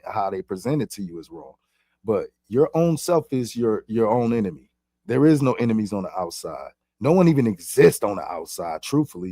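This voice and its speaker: A man's voice: medium pitch, warm tone, no echo. A man giving a rambling, profane spiritual monologue in casual street slang. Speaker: vlogger.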